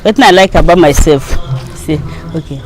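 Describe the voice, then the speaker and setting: A woman's voice: deep voice, normal speed, darkish tone, a little hiss or hum. A young woman from Imo State with a Nigerian accent, answering interview questions shyly and hesitantly, often restarting her sentences.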